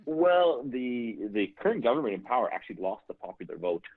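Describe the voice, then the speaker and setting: A man's voice: medium pitch, very animated, brisk, no echo. A man calling in as a guest, explaining steadily and repeating words as he starts. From Canada. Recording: tinny phone line.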